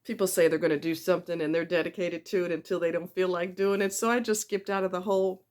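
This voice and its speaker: A woman's voice: fairly low pitch, steady tone, fast, darkish tone. A woman telling a personal story in a casual vlog, blunt and emphatic, repeating herself for stress and speaking straight to the viewer. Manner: candid and conversational, with asides to the viewer.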